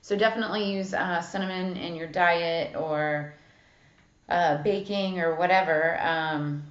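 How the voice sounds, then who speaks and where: A woman doing a casual tarot reading speaks in a lowish, steady voice at a measured pace, swearing freely, reading card texts aloud and filling gaps with "like" and "um." The recording has an echoey room and dull lo-fi sound.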